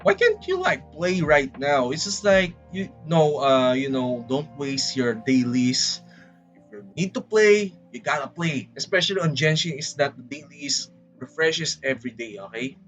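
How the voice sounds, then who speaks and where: A man's voice: on the high side, big pitch swings, moderate pace, fairly bright tone. A man from the Philippines with a Filipino English accent, chatting casually on a livestream, rambling and dramatic as he talks straight to his chat. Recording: dull lo-fi stream audio. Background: faint background music.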